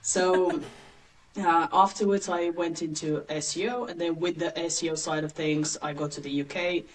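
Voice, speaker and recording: A woman in her late thirties from Bulgaria, speaking English with a Bulgarian accent as an interview guest, chatty and quick to laugh. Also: on the low side, steady tone, far from the mic, slight background noise, low-quality recording. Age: late 30s. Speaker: guest, agency founder. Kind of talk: casual interview chat.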